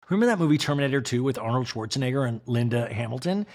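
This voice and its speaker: A man hosting a comedy recap podcast, his pitch bouncing widely as he riffs. He rambles from tangent to tangent, chuckling at his own jokes, in a mid-range voice. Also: quick pace. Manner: animated, rambling, laughing, slipping into voices. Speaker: podcast host. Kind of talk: comedic recap of a reality show.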